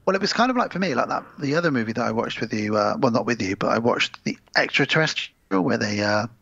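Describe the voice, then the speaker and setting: A man's voice: medium pitch, lively intonation, fast talker, gravelly, fairly bright tone, slightly rough, no echo, muffled recording. A man, rambling casually and swearing now and then as he recaps a film on a podcast. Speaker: podcast co-host.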